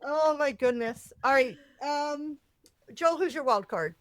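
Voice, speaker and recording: A woman's voice: high-pitched, animated, slow pace, dry recording, clean studio sound. A woman co-hosting a podcast, playful and teasing in casual banter. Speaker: podcast co-host.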